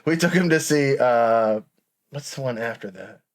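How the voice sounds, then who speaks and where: A man's voice: mid-range voice, animated, moderate pace. A man co-hosting a podcast, telling rambling stories in casual chat and chuckling mid-sentence. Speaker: podcast co-host.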